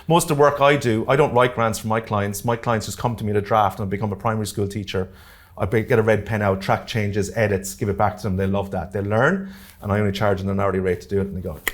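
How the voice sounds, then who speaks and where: A man with an Irish accent presenting a live workshop to a room, talking quickly and jokily and often checking in with "okay?" and "all right?". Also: lowish voice, fairly even intonation. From Ireland. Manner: fast-talking, jokey, keeps checking in with the audience. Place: community centre meeting room.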